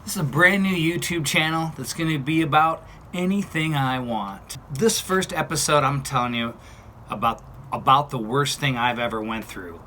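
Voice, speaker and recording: A man's voice: medium pitch, moderate pace, pushed and bright, slight background noise. A man in his fifties, telling a personal story to camera in a chatty, blunt way with playful asides. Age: 50s. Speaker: vlogger.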